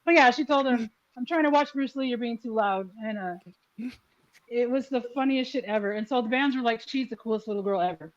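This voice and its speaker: Middle-aged woman hosting, lively storyteller. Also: a little high, moderate pace, lo-fi sound. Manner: lively storyteller, swears freely. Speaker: podcast host. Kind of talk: casual chat.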